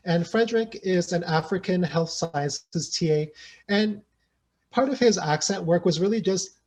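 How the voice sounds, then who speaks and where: A man gives an academic talk over a video call. His voice sits a little high, and he keeps checking in with his listeners with "right?" and "you know" as he goes. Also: unhurried, darkish tone. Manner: reads interview excerpts aloud. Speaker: academic speaker.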